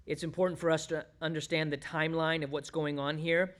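A man preaching a sermon, swinging between loud emphasis and hushed asides as he acts out quoted voices. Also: on the high side, steady tone, fast, few pauses. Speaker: pastor.

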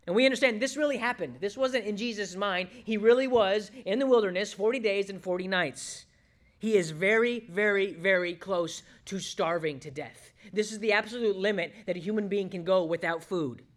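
A man preaching a sermon, swinging between loud emphasis and hushed asides as he acts out quoted voices. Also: high voice, moderate pace. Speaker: pastor.

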